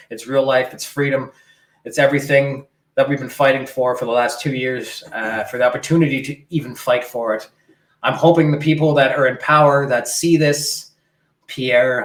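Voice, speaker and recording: A man's voice: mid-range voice, echoey room, low-quality recording. A man from Canada co-hosting a casual political podcast, rambling and emphatic, swearing freely. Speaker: podcast co-host.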